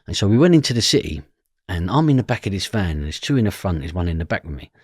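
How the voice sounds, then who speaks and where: A man's voice: low voice, lively intonation, fast talker, slightly rough, no room sound, clean studio sound. A man with an East London accent, a podcast guest telling stories about his past and acting out the voices of other people. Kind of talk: storytelling interview.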